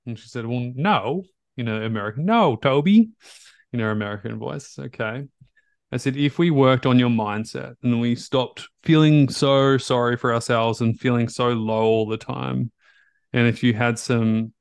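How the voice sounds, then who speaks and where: A man hosting a podcast, telling a story in a casual, animated way, blunt and full of fillers and restarts. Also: medium pitch, dry recording. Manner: blunt, outspoken. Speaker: podcast host, recovery coach.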